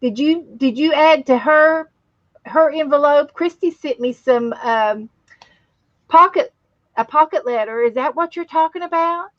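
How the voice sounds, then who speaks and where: A woman with a West Virginia accent hosting a casual livestream chat, telling stories slowly with many restarts. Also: sits high, dry recording, muffled recording. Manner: slow, rambling storytelling with many restarts. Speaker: livestream host.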